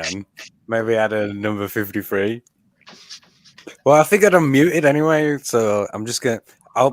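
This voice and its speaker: Man, very low pitch, stream host, dry offhand remarks, dead dry sound. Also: no room sound. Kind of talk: casual group stream chat.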